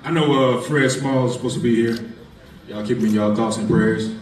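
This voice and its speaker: A man's voice: medium pitch, fairly even intonation, fairly quick, a little hiss or hum. A man, a bodybuilding competitor, answering questions at a press conference in a modest, laid-back way. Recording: echoey hall from far off.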